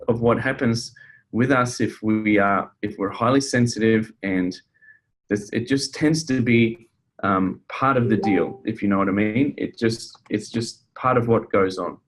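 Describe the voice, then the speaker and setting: A man presenting a webinar in a conversational way, a counselor who talks with fillers and restarts. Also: medium pitch. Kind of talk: casual webinar teaching.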